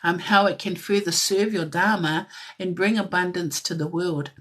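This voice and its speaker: A woman giving a live-stream tarot reading in a soft, musing way that drifts into whispers, with frequent light laughs. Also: fairly low pitch, fairly even intonation, normal speed. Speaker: tarot reader.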